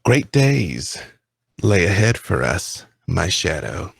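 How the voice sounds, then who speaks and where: A man voicing a scheming noblewoman who talks in a slow, doting, honeyed way. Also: sits low, big pitch swings, vocal fry, breathy edge, no room sound, heavily acted. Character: scheming, sugary-sweet noblewoman ruler. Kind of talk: tabletop role-play voicing.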